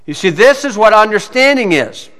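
A man with a high, bright voice preaches in a folksy, storytelling way and keeps saying "you see". He sinks to a low mutter when he tells his stories. His voice rings with long reverb in a hall. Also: very animated, normal speed, smooth. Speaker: preacher teaching on scripture and law. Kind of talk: folksy teaching sermon.

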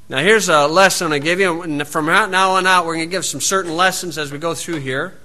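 A man preaches a sermon, reading scripture aloud and interrupting with folksy, sarcastic asides. His voice is fairly high and sharp, moving at normal speed with hardly any pauses.

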